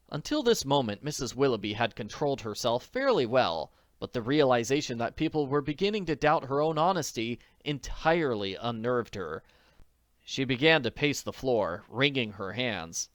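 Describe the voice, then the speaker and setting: A man reading a classic mystery novel aloud as an audiobook narrator, expressive and animated. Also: mid-range voice, no room sound.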